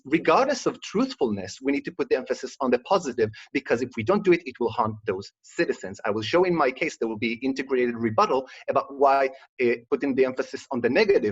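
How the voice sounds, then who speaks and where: A man's voice: medium pitch, breathy edge. A man giving a competitive debate speech over a video call, arguing his case with many fillers and restarts. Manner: argumentative, frequent fillers and restarts. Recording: dull lo-fi online call audio.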